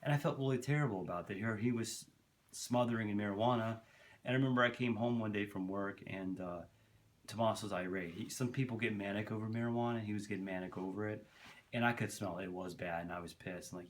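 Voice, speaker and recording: Rambling, candid man with a low voice. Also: fairly even intonation, a little fast. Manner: rambling, candid, swears often, stumbles over words. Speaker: vlogger. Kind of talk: casual storytelling vlog.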